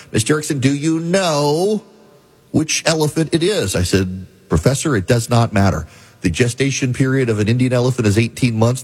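Middle-aged male host, husky voice, wry emphatic monologue. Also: mid-range voice. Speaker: talk radio host. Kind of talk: talk show monologue.

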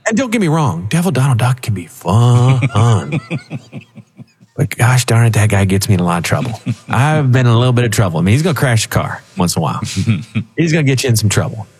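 A man co-hosting a financial radio show, explaining retirement money choices through animated stories and acted-out voices. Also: mid-range voice, fairly quick, husky, in a large hall. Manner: animated storytelling, acts out voices in quotes. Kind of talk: conversational financial advice.

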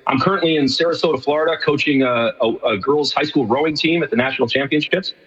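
A man's voice: on the high side, quick pace, a bit bright, slightly rough. A middle-aged man from New York, a guest on a radio interview, talking casually with lots of fillers and restarts. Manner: rambling, many fillers and restarts. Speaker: guest, show co-host. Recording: distant remote line with long reverb, dull.

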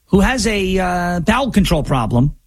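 A man's voice: sits high, very animated, normal speed, dry recording. A man hosting a political opinion show, delivering a sarcastic, emphatic monologue. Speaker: political talk host.

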